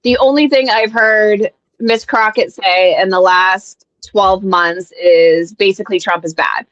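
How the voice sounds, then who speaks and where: A woman's voice: medium pitch, unhurried, a bit bright. A woman hosting a podcast, making emphatic points and running the show. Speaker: podcast host. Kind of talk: casual chat. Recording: dull dry sound.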